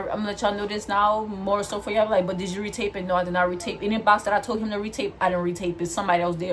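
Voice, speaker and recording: Young black-woman ranting a work story to the cam, lively, faint hum behind. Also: medium pitch. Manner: animated, acts out quotes, addresses viewers as y'all. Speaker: vlogger. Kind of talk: storytime chat while doing hair.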